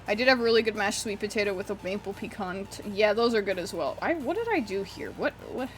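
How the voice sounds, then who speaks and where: A young woman streams from her room, casually chatting and rambling while she draws. Her medium-pitched voice is expressive and fast, and she swears freely and cuts words off.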